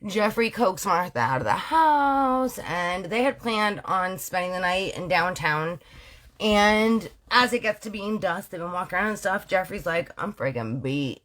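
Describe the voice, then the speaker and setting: A woman from Canada spinning a true-crime tale in casual storytelling mode. She is slangy and playful, catching and correcting her own slips as she goes, with a voice of middling pitch. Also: animated, a little slow, a bit bright. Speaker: storyteller host.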